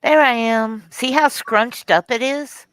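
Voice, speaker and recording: A woman's voice: on the high side, slow, fairly bright tone, clean tone, dry recording. A woman chatting on a video call, teasing and laughing often as she shows her digital art. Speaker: digital artist sharing her work. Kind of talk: casual chat on a call.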